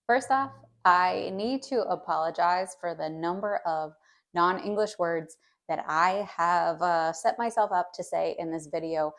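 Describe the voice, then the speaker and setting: A woman knitwear designer chatting casually about her new pattern, relaxed and a little hesitant. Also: lowish voice, a little slow. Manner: chatty, hesitant with many ums. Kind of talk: casual vlog chat.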